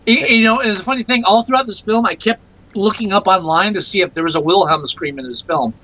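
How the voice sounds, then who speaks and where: A man's voice: sits high, fast, lo-fi sound. A man co-hosting a podcast, chatting casually about a movie and often restarting his sentences. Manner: rambling, restarts often, animated. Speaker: podcast co-host. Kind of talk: casual movie-review chat.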